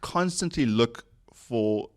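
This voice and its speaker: Brief: male executive, podcast guest, animated storyteller, average pitch. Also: takes it slowly. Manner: animated anecdote telling with frequent laughs. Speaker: company CEO, podcast guest. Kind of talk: casual interview storytelling.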